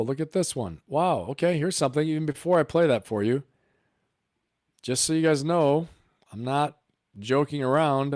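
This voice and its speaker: A man's voice: mid-range voice, darkish tone, dry recording, studio quality. A man hosting a live stream of political commentary, emphatic and riffing, firing off rhetorical questions.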